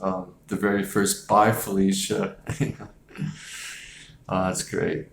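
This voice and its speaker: A man casually reviewing a film, halting with many filler words and chuckles. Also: sits low, level tone, gravelly, a little hiss or hum. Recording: echoey room.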